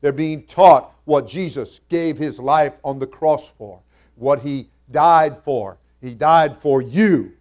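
Man preaching a sermon, rising to loud peaks. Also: fairly high pitch, slow. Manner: reads scripture in King James wording, builds to loud emphatic peaks. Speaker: senior pastor.

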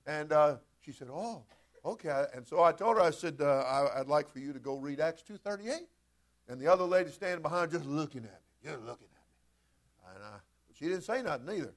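High-voiced energetic male pastor. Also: brisk. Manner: storytelling, builds to loud emphatic preaching. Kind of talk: sermon.

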